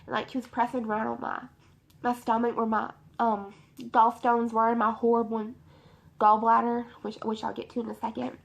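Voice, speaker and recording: Young woman, gravelly emotional storytelling. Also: fairly high pitch, little pitch movement, moderate pace. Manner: emotional, rambling storytelling with many fillers. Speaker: beauty vlogger. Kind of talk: personal testimony vlog. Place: bedroom.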